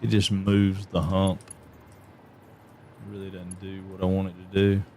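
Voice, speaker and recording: A man with a low, gravelly voice talks half to himself as he plays and builds. He mutters plans and second thoughts in a casual, unhurried way, with a faint hiss behind him. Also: completely flat delivery, warm tone. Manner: muttering, thinking aloud while building. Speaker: streamer. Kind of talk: casual gameplay commentary.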